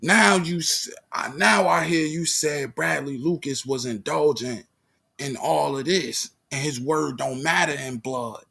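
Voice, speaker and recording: Slow, emphatic man reacting to a clip. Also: fairly high pitch, creaky, sharp tone, slightly rough. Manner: emphatic, repeats himself, calls listeners "gang"; heated and accusing at times. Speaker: reaction streamer. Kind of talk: live reaction commentary.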